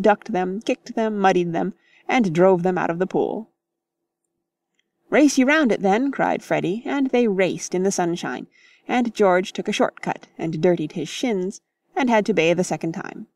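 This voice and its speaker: Low-voiced woman reading a classic novel. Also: a little mellow, no echo. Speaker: audiobook narrator. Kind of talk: scripted narration of a classic novel.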